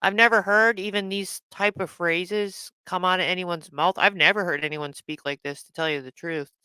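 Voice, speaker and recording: A woman streamer reacts in indignant, repetitive commentary, her voice forceful and sharp. Her tone is smooth and clear. The sound is dry and close. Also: fairly low pitch, steady tone, normal speed, no echo. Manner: indignant, repeats herself, swears. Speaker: livestream host.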